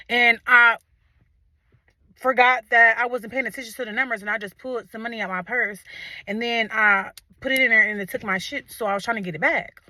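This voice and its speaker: A young woman from Ohio telling a storytime vlog in a profane, animated manner, talking straight to her viewers. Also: fairly high pitch, fairly quick, dry recording. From Ohio, USA.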